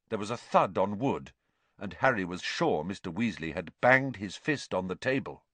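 A man reading a storybook aloud in a plain, steady narration. His voice is bright and slightly husky, with a close, dry sound and a lively pitch. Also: normal speed, no echo. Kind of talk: audiobook reading.

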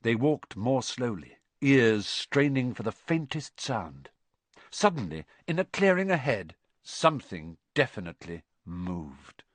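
A man narrating a children's fantasy novel as scripted storybook narration, with an expressive, dramatic reading. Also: mid-range voice, measured pace, dry recording. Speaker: audiobook narrator.

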